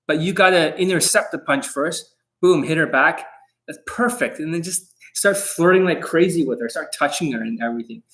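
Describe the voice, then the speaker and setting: Male dating coach on a live stream, blunt and foul-mouthed, voice sits a bit high. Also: fairly bright tone. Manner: blunt, profane and brash; answers viewers' questions.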